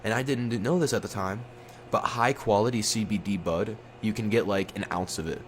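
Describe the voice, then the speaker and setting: A young man with a lowish voice tells a story casually, rambling and swearing freely as he goes. He jumps up in pitch whenever he acts out quoted lines. A faint hum of room noise sits behind him. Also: normal speed. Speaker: storytime YouTuber.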